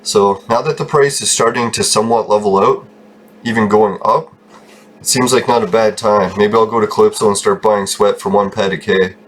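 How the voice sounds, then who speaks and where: A man hosts a gaming channel, rambling casually through his commentary while he swears heavily, rants, and lets out quick laughs. His voice is on the low side with fairly even intonation, and there's a little hiss or hum in the recording.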